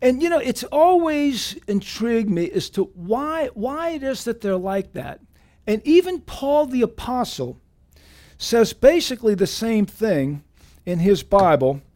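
A man preaching a sermon with animated swings in pitch and volume, reading scripture aloud with emphasis. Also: a little slow. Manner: animated preaching with sudden pitch leaps and drops. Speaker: pastor.

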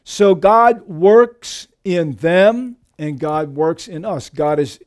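A man preaching a sermon as pastor, emphatic and lively, often calling his listeners dear friends. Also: takes it slowly. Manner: emphatic preaching with lively shifts in pitch and volume.

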